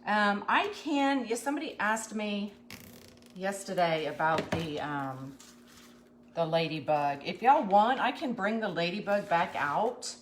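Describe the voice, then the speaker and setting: A woman's voice: mid-range voice, a little slow, slight background noise. A woman hosting a live craft tutorial, chatting folksily with viewers as she works. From USA. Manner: chatty, folksy, talks to viewers while working. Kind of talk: live craft demonstration chat.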